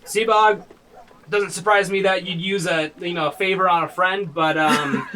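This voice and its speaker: A man's voice: sits high, fairly even intonation, moderate pace, noisy background, close to an everyday voice. A man voicing a friendly, generous male blacksmith who greets an old friend, talking eagerly and tripping over his words.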